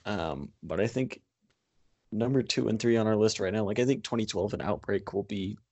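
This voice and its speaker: A man's voice: on the low side, normal speed, warm tone, husky, no echo, muffled recording. Chatty man with a dry sound. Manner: loose and chatty, full of asides. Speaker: podcast co-host. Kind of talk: casual chat.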